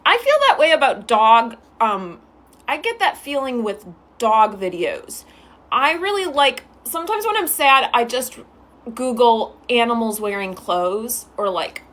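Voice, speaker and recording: A woman with a high voice streams live in a casual, chatty way. She greets her viewers one by one by name and answers their comments with sweet affection. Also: big pitch swings, takes it slowly, fairly bright tone. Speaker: livestreamer. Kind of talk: casual livestream chat.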